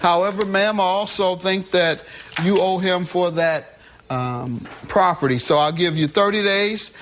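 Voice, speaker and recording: A man presiding as judge, questioning parties briskly and handing down a ruling. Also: high voice, fairly bright tone, a little hiss or hum. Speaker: court show judge.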